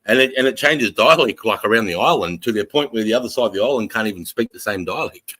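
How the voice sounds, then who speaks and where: Sweary man, bright voice. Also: on the low side, lively intonation, fast, poor audio. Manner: swearing, blunt, storytelling. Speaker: livestream host. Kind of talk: casual livestream commentary.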